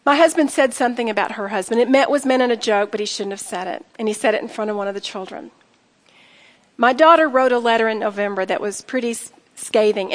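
A middle-aged woman with a slightly high voice tells a heartfelt personal story to an audience. She speaks earnestly and turns to her listeners often. Her voice rings with long reverb, as if in a large hall. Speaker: speaker sharing a personal testimony. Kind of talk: emotional personal testimony to an audience.

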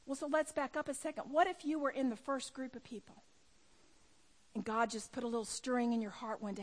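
A woman delivers a sermon in a high voice. She speaks emphatically, swinging between loud urging and quiet, hushed prayer. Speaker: women's ministry speaker.

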